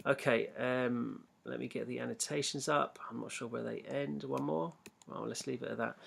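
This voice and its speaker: Gravelly-voiced male English teacher. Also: medium pitch, fairly even intonation, a bit bright. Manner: measured, methodical, with fillers and restarts; reads poem lines slowly and deliberately. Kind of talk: exam-focused poetry lesson.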